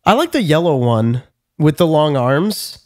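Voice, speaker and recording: A man's voice: on the high side, very animated, unhurried, no echo, studio quality. A man co-hosting a podcast who teases bluntly and reads out listener questions in casual chat. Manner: blunt, joking, crude teasing. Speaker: podcast co-host.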